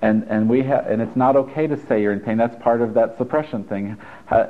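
A man with a mid-range voice speaks a little fast as he guides a group through a live workshop. He's a therapist, chatty and encouraging with humorous asides, in a stuffy indoor room with an audience, recorded in tinny, phone-like lo-fi quality.

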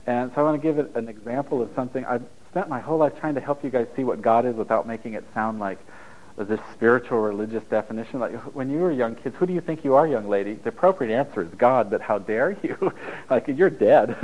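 A man's voice: medium pitch, fast, a little mellow, low-quality recording. A middle-aged man giving an informal spiritual talk to a live audience, rambling and joking as he goes, often laughing at his own lines. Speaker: spiritual teacher.

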